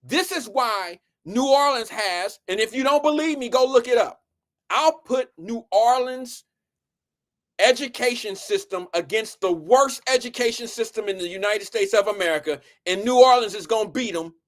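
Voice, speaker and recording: A live show host telling a comedic rant, animated and profane, talking straight to the audience and swinging from shouts to low mutters. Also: normal speed. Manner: addresses the audience directly as "y'all" and "guys".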